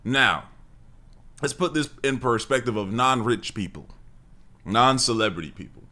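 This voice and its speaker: Bright lively guy, keeps repeating himself to make a point. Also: medium pitch. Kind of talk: casual reaction commentary.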